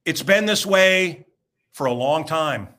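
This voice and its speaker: A man in his sixties, a radio host, ranting loudly and emphatically, rambling and repeating himself, with crude jokes and bursts of shouting. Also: fairly high pitch, lively intonation, slow pace. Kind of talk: ranting talk-show monologue.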